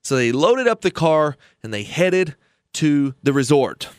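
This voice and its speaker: Male podcast host, high voice, dry close mic, earnest persuasive storyteller. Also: very animated, unhurried, no echo. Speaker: retirement planning podcast host.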